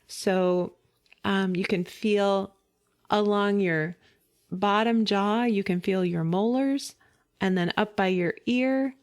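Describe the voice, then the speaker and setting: A woman voice teacher gently guiding listeners through a vocal warm-up, giving calm step-by-step instructions with light laughs. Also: medium pitch. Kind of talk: guided vocal warm-up lesson.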